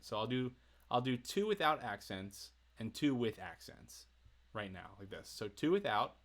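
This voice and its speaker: Faint acoustic guitar sits under this man's medium-pitched voice as he teaches a song at a normal speed during a laid-back livestream lesson. Chatty and easygoing, he responds to chat and keeps laughing between his explanations.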